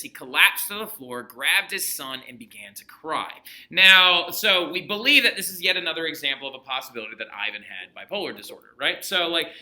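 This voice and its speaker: Animated, bright-voiced male history teacher. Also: high-pitched, reverberant. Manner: animated, chatty, many asides and rhetorical checks. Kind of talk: classroom lecture.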